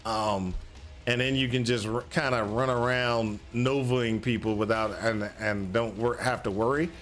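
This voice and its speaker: A man in the middle of a gaming stream, explaining his build in loose, rambling sentences. He breaks off and restarts often and lets out exasperated exclamations. His pitch stays in an ordinary range while faint music plays underneath. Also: steady tone, measured pace, a bit bright. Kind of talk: casual gameplay commentary.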